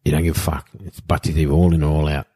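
A middle-aged Australian man telling animated anecdotes in a casual chat, acting out other people's lines and swearing casually. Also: a bass voice, racing, slightly rough. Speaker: guest, former rugby league player. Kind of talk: casual storytelling in a podcast chat.

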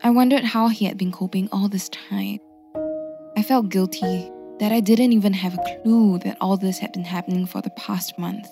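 A woman narrating a scripted family story in a reflective, gentle way. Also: mid-range voice, steady tone, normal speed, gravelly, over music.

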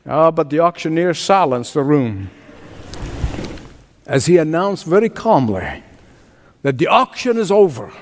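A male preacher tells a story in a sermon, slow and deliberate. His voice sits high and moves widely in pitch. A long church reverb trails his words. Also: big pitch swings. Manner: dramatic, deliberate.

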